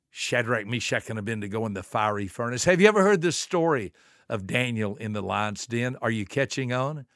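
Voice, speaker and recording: A man in his seventies hosting a motivational podcast, preaching with emphatic rhetorical questions and swinging between soft asides and booming lines. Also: dry recording, clean studio sound. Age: 70s. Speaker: podcast host and motivational speaker.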